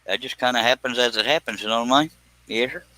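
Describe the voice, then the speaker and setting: The rough audio, free of echo, catches a man with a mid-range, sharp voice talking fast as he hosts a woodworking stream. Chatting casually while using a scroll saw, he cracks jokes, wanders off topic, and puts on funny voices.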